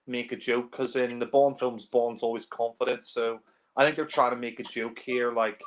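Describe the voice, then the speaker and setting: A man's voice: medium pitch, level tone, normal speed. A man giving casual, profane commentary on a film, blunt and exasperated, laughing often.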